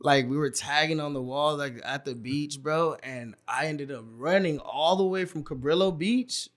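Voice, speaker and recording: A young man from San Pedro, California, telling a story in slangy casual chat, animated and full of "bro" and "like". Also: on the high side, moderate pace. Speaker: podcast guest.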